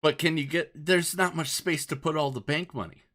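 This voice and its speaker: A man's voice: on the high side, fairly even intonation, moderate pace, fairly bright tone. A man hosting a podcast from his home studio, chatting casually in an upbeat, talkative way and often restarting sentences. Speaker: podcast host. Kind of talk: casual chat.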